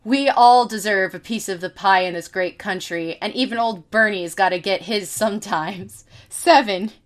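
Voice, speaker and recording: A woman hosting a chat show reads an article aloud in her ordinary mid-range voice. She stumbles, restarts and fills pauses with ums as she goes. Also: mid-range voice. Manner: halting, lots of ums and self-corrections.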